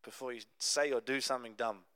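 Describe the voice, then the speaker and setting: Young guy pastor, chatty animated sermon, mid-pitched clear voice. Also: brisk, dry recording. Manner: conversational, animated storytelling with asides.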